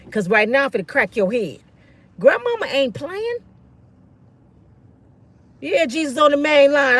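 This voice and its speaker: A woman hosting a show and telling animated stories, emphatic, preachy and sassy, with quick asides. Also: fairly high pitch. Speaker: host. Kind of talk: animated storytelling rant.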